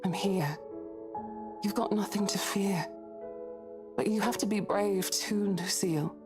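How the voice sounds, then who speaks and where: An actress with a put-on British accent playing a gentle, ailing young mother in a game, speaking softly and soothingly. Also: mid-range voice, a little slow, music in the background, natural voice. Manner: soft, soothing, comforting.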